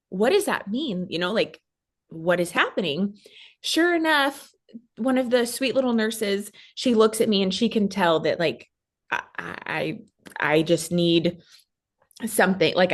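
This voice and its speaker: A woman in her thirties, a guest mother retelling a traumatic hospital week, talking quickly with many fillers and acting out what others said. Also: fairly low pitch. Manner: fast storytelling with many fillers, acting out quoted voices. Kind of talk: emotional personal recount.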